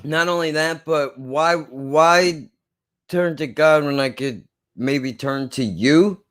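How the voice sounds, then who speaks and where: A man's voice: on the high side, slow, fairly bright tone. A man co-hosting a casual film review, talking in an earnest, impassioned way and swearing for emphasis.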